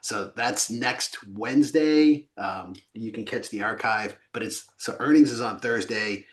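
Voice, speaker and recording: Male co-host, casual trading podcast, animated storyteller. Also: lowish voice, a little slow. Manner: animated storyteller, lively asides.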